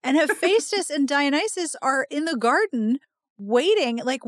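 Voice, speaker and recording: A woman's voice: high-pitched, normal speed, dry recording, studio quality. A woman hosting a podcast, recapping a romance novel in casual chat and reading passages aloud with dramatic flair. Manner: animated, dramatic read-alouds with laughs. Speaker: podcast host.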